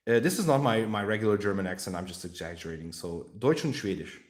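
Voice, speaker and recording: Casual streamer, male, deep voice, lively pitch swings, jokey and foul-mouthed. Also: fast, few pauses. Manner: rambling, swears freely, jokey. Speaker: streamer painting miniatures. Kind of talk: casual live-stream chat.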